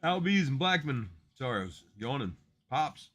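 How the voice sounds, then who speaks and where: A man's voice: medium pitch, big pitch swings, normal speed, a bit bright. A man hosting a live card break stream, chatting casually and rattling off player names as he opens packs.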